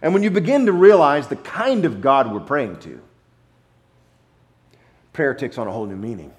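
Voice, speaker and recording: A man preaching a sermon, emphatic, with dramatic pauses and repetition, sometimes playful. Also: medium pitch, very animated. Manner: playful, acts out wrong versions for effect. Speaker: pastor.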